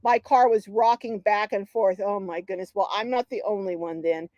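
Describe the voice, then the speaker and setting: A middle-aged woman hosting a livestream, telling a story in a lively, chatty way, acting out quotes and reading viewer comments. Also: medium pitch, normal speed, no echo, highs cut off. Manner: animated storyteller, acts out quotes, laughs often. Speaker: host of a livestream.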